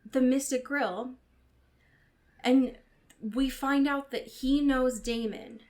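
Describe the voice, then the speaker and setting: A woman's voice: sits high, steady tone, slow pace, a little mellow. A woman co-hosting a podcast in casual chat, retelling scenes in quoted voices and swearing casually. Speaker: podcast co-host. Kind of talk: casual chat recapping a TV show.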